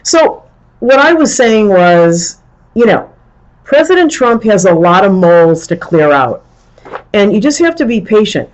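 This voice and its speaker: A woman's voice: mid-range voice, big pitch swings, a little slow, rough recording. A middle-aged woman hosting a live political commentary stream, ranting in an exasperated, rambling way with frequent restarts. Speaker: show host.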